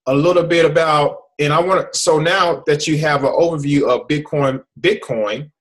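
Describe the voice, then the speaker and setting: A man's voice: a little high, fairly even intonation, normal speed, a bit bright, rough recording. An American man hosting an online hangout, explaining with frequent restarts and repeated "okay?" checks. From USA. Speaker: host. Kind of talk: casual hangout presentation.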